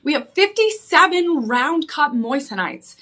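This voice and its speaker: A woman hosting a live home shopping show, pitching a ring with enthusiasm and repeating the key selling points. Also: sing-song, a little slow, a bit bright.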